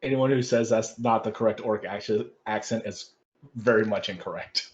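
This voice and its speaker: A man hosting as game master, easygoing and quick to laugh as he leads the group. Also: lowish voice, lo-fi sound. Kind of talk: casual tabletop game hosting.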